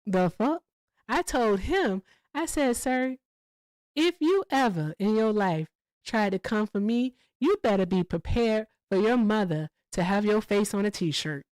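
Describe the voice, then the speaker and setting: A woman hosting a casual livestream, telling stories in a profane, animated way with sudden jumps in pitch. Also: a little slow, dry recording, poor audio. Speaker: livestream host.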